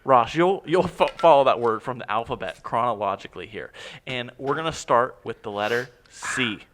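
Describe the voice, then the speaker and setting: A man's voice: medium pitch, animated, normal speed, a bit bright, slight background noise. A man hosting an improv comedy podcast, announcing games in an upbeat, easygoing way. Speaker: game host.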